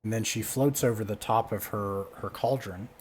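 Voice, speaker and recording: A man narrating as game master, halting, with many fillers and restarts. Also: on the low side, a little hiss or hum.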